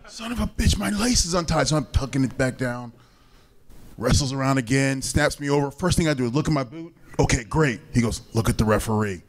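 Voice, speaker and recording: A man of ordinary pitch tells a story from the stage of a convention panel. He is animated and acts out the lines of the people in his story. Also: normal speed. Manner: animated anecdote teller, acts out quotes. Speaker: panel guest, retired wrestler.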